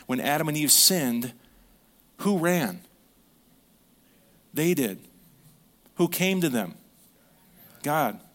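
This pastor's sermon is built on conversational storytelling, questions aimed at the audience, and a quieted, hushed tone for key points. He speaks at a medium pitch.

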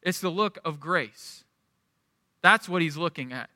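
A man's voice: on the high side, a little slow, pushed and bright, studio quality. A middle-aged man preaching a sermon as pastor in a church, in a conversational way that keeps checking in with the congregation. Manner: conversational, asks the room "right?". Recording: long hall reverb.

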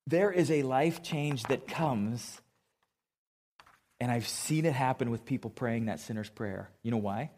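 A man's voice: medium pitch, darkish tone. A man preaching a conversational sermon as pastor to a church congregation, casual and emphatic, quizzing the audience.

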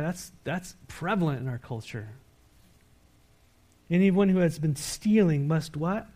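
Man preaching with pointed questions. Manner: swings between emphatic, louder lines and low, quiet asides. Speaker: pastor. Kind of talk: sermon.

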